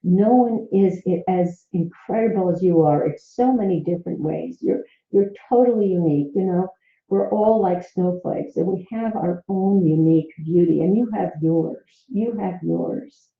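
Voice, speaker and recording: Gentle, encouraging woman love coach. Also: on the low side, moderate pace. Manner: gentle, encouraging, laughs often. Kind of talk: motivational self-help teaching. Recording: roomy, dull recording.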